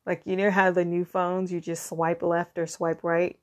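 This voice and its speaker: A middle-aged woman with a somewhat low voice shares self-care advice in a heartfelt, earnest way. She encourages her listeners warmly, and she often stumbles and restarts mid-sentence. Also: flat delivery, moderate pace.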